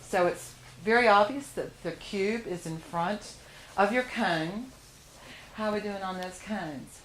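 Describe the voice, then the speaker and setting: A woman's voice: mid-range voice, unhurried. Woman art teacher walking a class thru charcoal drawing, upbeat, laughs a lot, faint room hum. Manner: encouraging, laughs often.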